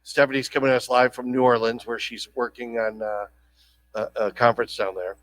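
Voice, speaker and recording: A man's voice: mid-range voice, level tone, fairly quick, fairly bright tone, low-quality recording. A man hosting a casual podcast, joking around and rambling with fillers and restarts. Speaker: podcast host.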